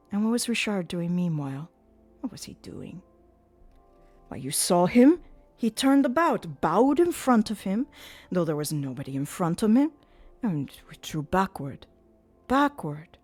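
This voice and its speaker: A woman's voice: fairly low pitch, big pitch swings, a little slow, pauses often, a little mellow, soft background music. A woman voicing an agitated male opera secretary who exclaims in rising outbursts. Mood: indignant.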